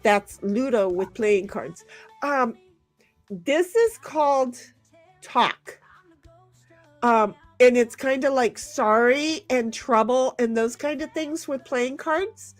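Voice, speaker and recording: A woman's voice: on the high side, slow, dry recording, soft background music. A woman hosting a casual game stream, chatting and reading viewers' messages aloud, laughing often. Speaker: stream host.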